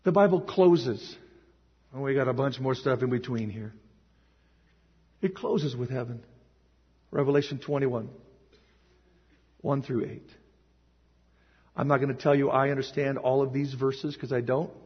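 A man preaching a sermon with emotion and emphasis, often rising to a shout, in an echoey hall on a dull, lo-fi recording. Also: medium pitch, unhurried, pauses often, slightly rough. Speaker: pastor.

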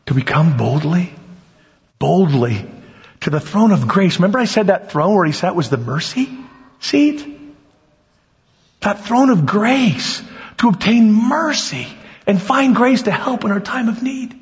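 A man preaching an animated sermon as pastor, swinging between loud bursts and quiet asides. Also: high voice, a little slow, long pauses. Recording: dull lo-fi sound with long hall reverb.

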